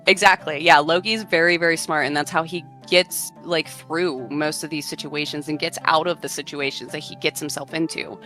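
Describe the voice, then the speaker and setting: A woman's voice: sits low, steady tone, moderate pace, hardly any pauses, pushed and bright, faint music behind. A woman co-hosting a podcast, casually retelling old myths in a chatty way, full of fillers. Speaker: podcast co-host. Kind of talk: casual storytelling chat.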